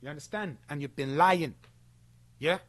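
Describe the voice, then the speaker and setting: A man's voice: a little high, normal speed, fairly bright tone. A young man ranting at someone, confrontational and sweary, repeating himself as he builds his case. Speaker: streamer addressing a former friend. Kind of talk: ranting monologue.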